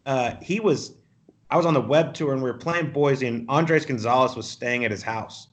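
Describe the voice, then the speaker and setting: A man's voice: medium pitch, moderate pace. Golfer guy on a podcast telling wild stories, swears a bunch, cracks himself up. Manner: animated, profane anecdotes, laughs often. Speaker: guest pro golfer. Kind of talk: casual storytelling.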